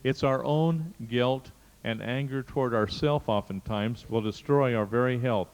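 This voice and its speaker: A man's voice: mid-range voice, unhurried, a little mellow, clear, resonant tone. Man coaching a seminar in a reverberant hall. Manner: coaxing, insistent prompts. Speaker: seminar leader. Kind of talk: guiding a participant through a live workshop exercise. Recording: muffled seminar tape with long hall reverb.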